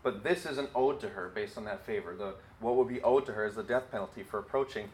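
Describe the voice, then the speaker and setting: A man teaching a sermon in a relaxed, conversational way, full of fillers like "like" and "you know". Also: on the low side, quick pace, slight background noise, rough recording. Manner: conversational, with many fillers and acted quotes. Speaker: Bible teacher.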